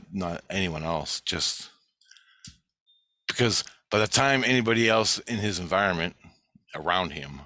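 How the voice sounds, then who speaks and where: A man's voice: low voice, pushed and bright, dry recording. A man telling a dream story in a rambling, profane way, acting out the other people's voices. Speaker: vlogger.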